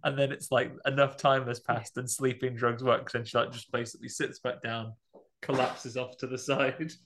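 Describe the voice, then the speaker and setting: A man's voice: mid-range voice, little pitch movement, moderate pace, noisy background. A man in casual podcast chat, animatedly retelling a film's plot and acting out the characters' lines. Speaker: podcast co-host. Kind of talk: casual chat recapping a film.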